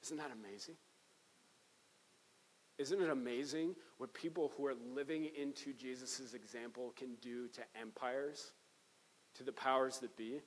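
A man's voice: mid-range voice, long reverb tail, poor audio. A male pastor giving an earnest, conversational sermon with rising emphatic peaks, recorded in a church sanctuary.

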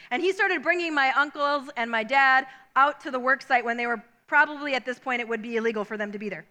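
A woman preaching a sermon, telling a family story and acting out its characters with loud, high shouts.

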